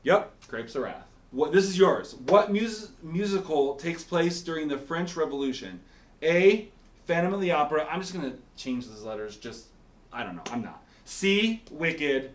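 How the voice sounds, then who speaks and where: A man's voice: on the high side, expressive, normal speed. A man hosting a casual quiz game, teasing and rambling in playful banter. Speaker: pastor and show host. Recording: echoey room.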